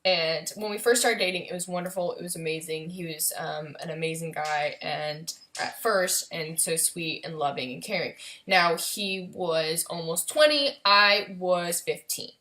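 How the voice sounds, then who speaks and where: A young woman telling a painful personal story in a vlog, halting and emotional, with many pauses and fillers. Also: lowish voice, sharp tone. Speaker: vlogger.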